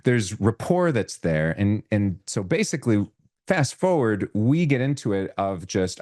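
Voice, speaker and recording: Deep-voiced male host on a video call. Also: a little slow. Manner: animated, imitates voices when retelling. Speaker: podcast host. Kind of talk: casual storytelling on a live video call.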